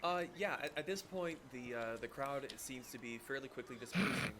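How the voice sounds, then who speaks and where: A man running a tabletop game as game master, describing scenes with hesitant pauses. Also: medium pitch, bright, forceful tone. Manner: narrates scenes with filler pauses.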